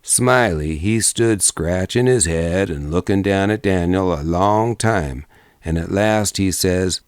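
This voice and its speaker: A man with a lowish voice tells a tall tale in rambling, vernacular storyteller's speech. The sound is dry and close, with no room around it. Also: slow, clear, resonant tone, dry recording. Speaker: audiobook narrator. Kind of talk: folksy storytelling narration.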